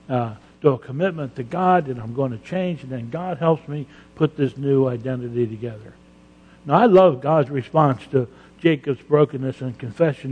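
Husky male preacher in a reverberant hall. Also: on the high side, a little mellow. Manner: emphatic, with rhetorical questions and dramatized quotes. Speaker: pastor. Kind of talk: sermon. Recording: long reverb of a large hall.

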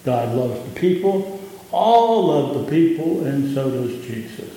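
A man with a Southern US accent, a pastor giving an impassioned sermon that rises in pitch on key points. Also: big pitch swings, unhurried, mellow, a little hiss or hum. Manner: impassioned preaching, rising in pitch on emphasis. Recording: echoey hall with long reverb.

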